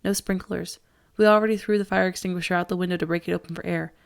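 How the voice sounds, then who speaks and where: A woman reading the part of a dying father who speaks quietly, slowly and with a trembling voice. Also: lowish voice, fairly even intonation, vocal fry, clean tone. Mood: weak, strained. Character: dying father, weak, strained, loving.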